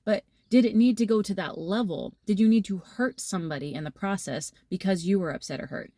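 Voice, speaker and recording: A woman's voice: medium pitch, fairly quick, mellow, dry recording. A woman talking through a channeled tarot message to her viewers, rambling and casual with lots of fillers and everyday analogies. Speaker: tarot reader.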